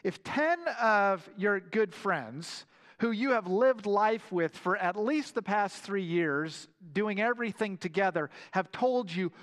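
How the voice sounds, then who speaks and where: High-voiced preacher in an echoing hall. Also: male voice, slow. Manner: animated storytelling preaching with frequent repeated words. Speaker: pastor. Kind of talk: sermon. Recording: long hall reverb.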